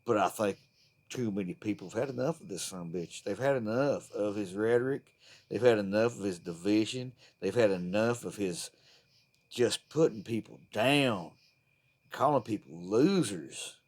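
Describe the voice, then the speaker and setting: A man's voice: on the low side, expressive, moderate pace, a little mellow. A man delivering a profane, fired-up, rambling political rant to the camera. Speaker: vlogger.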